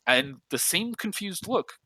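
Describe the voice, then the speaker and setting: A man narrating a tabletop game as dungeon master, loose and chatty, with a lot of fillers. His voice is bright and forward. It is recorded close and dry, with almost no room sound. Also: high-pitched, sing-song, unhurried, husky, dry recording, rough recording. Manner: casual, filler-heavy description.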